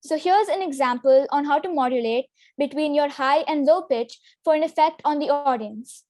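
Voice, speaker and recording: A young woman presenting a public speaking lesson in a clear, instructive way. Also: high-pitched, moderate pace, warm tone, no echo, clean studio sound. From Singapore. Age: teenager. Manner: clear, instructive delivery with demonstration sentences. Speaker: student workshop presenter.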